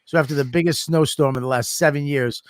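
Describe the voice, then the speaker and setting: A middle-aged man co-hosting a podcast, telling animated, profane stories in casual chat. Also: on the high side, fast, dry recording, clean studio sound. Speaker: podcast co-host.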